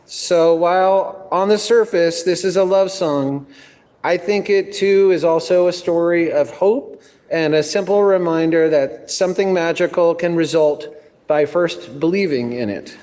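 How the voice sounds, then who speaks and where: A middle-aged man, a guest singer, giving an earnest introduction in a large legislative chamber, halting with frequent ums. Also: on the high side, darkish tone. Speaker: guest singer leading a devotional. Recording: long hall reverb, faint music behind.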